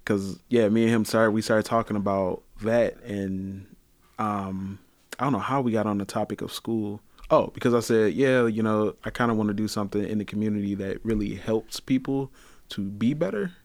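A man in casual chat, telling stories in a relaxed, slangy way and acting out what people said. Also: on the low side, moderate pace, no room sound. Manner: relaxed slangy storyteller, acts out quotes.

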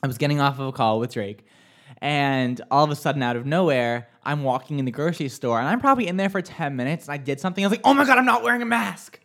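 A man co-hosting a radio chat show, telling stories in a lively way and acting out his own panicked lines. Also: mid-range voice, fast talker. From New Jersey. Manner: animated storytelling, acts out his own panicked quotes. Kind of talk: casual chat.

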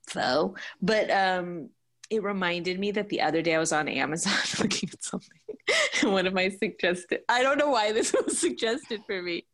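A woman's voice: mid-range voice, a bit bright. Woman chatting on a podcast, voice bounces all over, keeps laughing and going off topic. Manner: chatty, laughs often, goes off on tangents. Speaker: podcast co-host. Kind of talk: casual chat.

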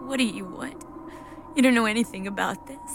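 A woman's voice: on the high side, brisk, very noisy, lightly acted. An actress playing a young woman at her breaking point, pleading and then screaming through tears in an anime dub clip. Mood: bitter.

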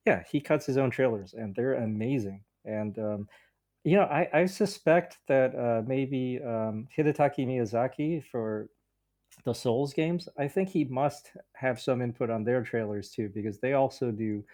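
A man's voice: mid-range voice, a little slow, darkish tone. A man co-hosting a podcast, talking in a hesitant, thoughtful way with many ums and likes. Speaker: podcast co-host. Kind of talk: casual podcast chat.

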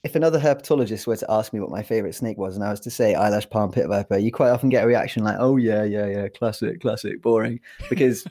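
A man's voice: on the low side, racing, hardly any pauses. English man chatting casually as a guest. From England. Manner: relaxed, chatty, many fillers and restarts. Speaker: PhD researcher guest. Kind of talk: casual interview chat.

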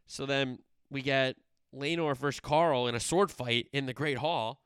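A man's voice: medium pitch, moderate pace, fairly bright tone, clean tone, no echo, studio quality. A man casually recapping a TV episode in a chatty way, full of fillers, paraphrasing what the characters say. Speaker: show recapper.

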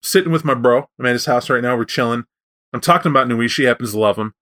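A man hosting a casual chat about tabletop role-playing games, telling stories in a rambling, animated way with frequent restarts. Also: medium pitch, fast talker.

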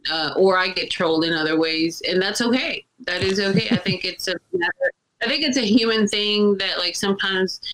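Animated woman chatting as a podcast host. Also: medium pitch, brisk, a loud crowd, low-quality recording. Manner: animated storytelling, acts out quoted people; emphatic, repeats points. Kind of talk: casual chat.

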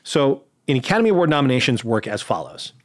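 A man's voice: medium pitch, sing-song, fast talker. A man in the middle of his register, talking with a lot of lift and fall in his voice. He jokes and argues playfully about films, like a podcast co-host in easy chat. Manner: playful, argumentative, joking.

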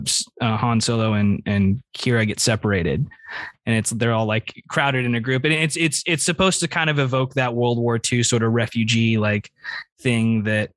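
A man's voice: mid-range voice, fairly bright tone, no echo. A man co-hosting a podcast, speaking in casual chat, hesitant and full of restarts. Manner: hesitant, lots of fillers and restarts. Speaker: podcast co-host.

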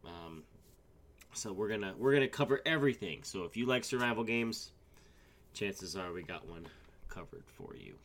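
A man co-hosting a podcast in a casual chat, a bit hoarse as he gets over a sickness, rambling with fillers. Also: fairly low pitch, big pitch swings, moderate pace, a bit bright. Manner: rambling, with many fillers and restarts. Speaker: podcast co-host.

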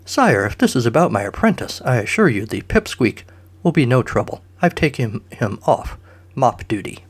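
A man's voice: mid-range voice, big pitch swings, normal speed, slightly rough. A man voicing a whiny, fussy male court sorcerer in a comic story. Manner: whining, pleading.

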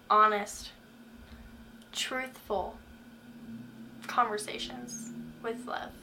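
A woman's voice: on the high side, pushed and bright, a little hiss or hum. A young woman giving a faith-based motivational talk, speaking earnestly and putting direct questions to the listener. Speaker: Christian speaker.

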